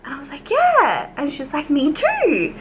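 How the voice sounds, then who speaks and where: On a rough recording, a young Australian YouTube commentary vlogger rants through a storytime, chatty and casual, cursing, drifting into tangents and performing her conversations. Her high-pitched voice swoops wildly in pitch at a moderate pace.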